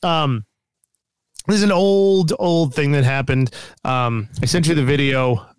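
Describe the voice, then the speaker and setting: Clear-voiced man telling stories casually. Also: a little high, a little slow, no room sound. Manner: rambling storyteller, filler-heavy, laughs often. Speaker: podcast co-host. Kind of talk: casual chat.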